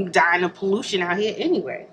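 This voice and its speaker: A woman's voice: on the low side, moderate pace, a bit bright, dull audio. A young adult woman vlogging casually while she gets ready at home, rambling and laughing often. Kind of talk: casual chat to camera. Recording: noticeable background hiss.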